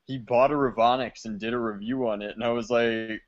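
A man's voice: medium pitch, steady tone, brisk. A young man co-hosting a casual podcast, telling stories in a laid-back, wry way. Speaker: podcast co-host. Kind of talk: casual chat. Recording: slightly dull lo-fi sound.

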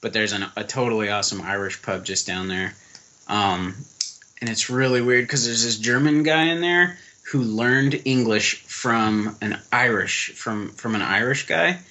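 Lowish, a little slow, bright and forceful, the voice comes from a young American podcast co-host based in Germany. He rambles easily through casual conversation, leaning on lots of fillers.

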